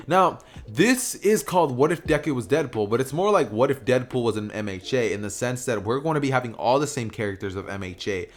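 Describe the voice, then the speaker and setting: A man casually narrating a fan-made story, rambling with fillers and self-corrections. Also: mid-range voice. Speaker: YouTube storyteller.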